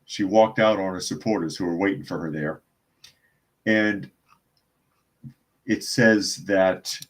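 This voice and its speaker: A man's voice: deep voice, steady tone, slow pace, long pauses. A man hosting a casual news commentary stream, reading headlines and viewer comments with blunt, scornful remarks and frequent repetition. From US South. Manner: blunt, scornful, repeats phrases for emphasis.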